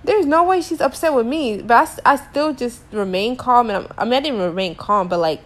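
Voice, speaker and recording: A young woman vents to the camera in a casual storytime rant, sounding exasperated and full of slang. She rambles with lots of filler words, and her voice sits a touch high. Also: lively intonation, a little fast. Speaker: teacher.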